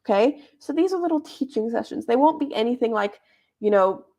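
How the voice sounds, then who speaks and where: A woman's voice: a little high, expressive, brisk, darkish tone. A young woman leading a debate club workshop, explaining in a chatty, informal teaching manner. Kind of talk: explaining debate judging criteria.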